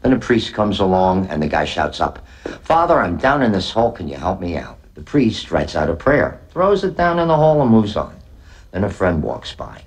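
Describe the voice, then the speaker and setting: An actor in a TV drama playing a calm older man who tells a parable to a friend and acts out its quoted lines. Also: sits low, normal speed. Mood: storytelling. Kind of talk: TV drama acting.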